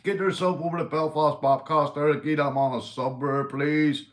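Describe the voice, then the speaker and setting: A Northern Irish man hosting a livestream, telling crude jokes, swearing and shouting out viewers. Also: a little high, steady tone, normal speed. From Northern Ireland. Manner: rowdy, swearing, joke-telling, reading viewer comments. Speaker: livestream host. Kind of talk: casual livestream chat.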